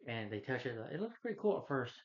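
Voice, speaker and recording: A man's voice: mid-range voice, big pitch swings, fast talker. A man giving a casual, rambling plot recap as a movie reviewer, with many restarts and "you know" fillers. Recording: dull lo-fi recording.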